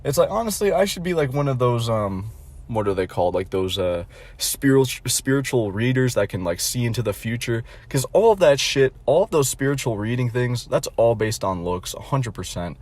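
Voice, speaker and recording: A man's voice: medium pitch, expressive, moderate pace, a little mellow. A young adult man telling a casual storytime rant, blunt and mocking, rambling with lots of fillers and restarts and frequent swearing. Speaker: vlogger.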